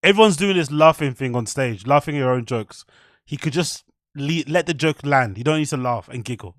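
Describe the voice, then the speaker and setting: A man's voice: fairly high pitch, lively intonation, a little fast, fairly bright tone, dry recording, studio quality. A man hosting a podcast, giving chatty, opinionated commentary on a comedy clip and talking straight to his viewers. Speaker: podcast host. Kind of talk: casual commentary reacting to a clip.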